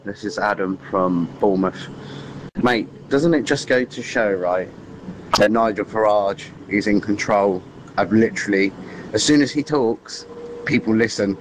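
A matey male caller with a fairly low voice, making his point emphatically. Clear background noise hums behind him on the line. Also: measured pace. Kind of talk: phone-in call.

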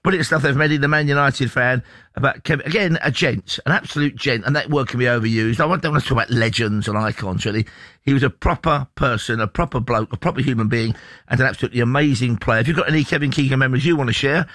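Brisk man hosting a radio phone-in, dry studio mic. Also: medium pitch, a bit bright, no room sound. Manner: brisk, enthusiastic.

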